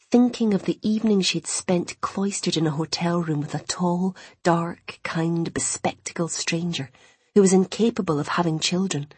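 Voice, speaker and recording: Low, husky woman reading a novel. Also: darkish tone, dry recording. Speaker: audiobook narrator. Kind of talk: scripted narration.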